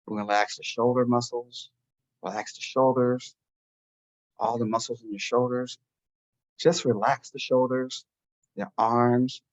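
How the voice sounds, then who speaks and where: A man guiding a listener through a calm breathing and relaxation meditation, giving slow, soothing instructions. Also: medium pitch, lo-fi sound. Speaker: meditation guide. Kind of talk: guided meditation.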